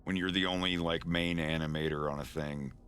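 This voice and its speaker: A man's voice: rumbling low, steady tone, brisk, fairly bright tone, slight background noise. A man casually chatting on a live stream while he animates, rambling with stammered restarts and frequent chuckles. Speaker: animator streaming his work.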